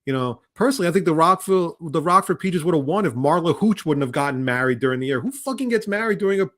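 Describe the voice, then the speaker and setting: A man with a somewhat high voice co-hosts a casual podcast chat. He rants in an exasperated, heated way, swearing freely as he vents. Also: animated, fast talker, a bit bright. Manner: heated, exasperated ranting with profanity; often mimics other people's voices. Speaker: podcast co-host.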